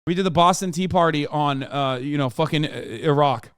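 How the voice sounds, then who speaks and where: A man's voice: on the high side, moderate pace, clean tone, no room sound. Man, streamer reaction commentary, profane rant, dry close sound, resonant tone. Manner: profane, ranting, sarcastic. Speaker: livestreamer reacting to news.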